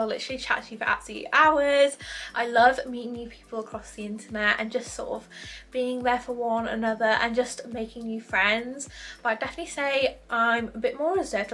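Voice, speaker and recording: A woman's voice: a little high, fairly bright tone. A young woman chatting casually on her vlog, answering viewer questions with lots of fillers and giggles. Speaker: YouTuber. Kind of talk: casual chat.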